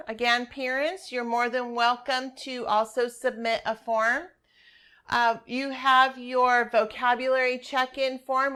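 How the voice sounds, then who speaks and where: Slow, patient woman teacher. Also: sits high, pushed and bright, clear, resonant tone. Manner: patient, repeats instructions step by step. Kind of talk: screen-share class walkthrough.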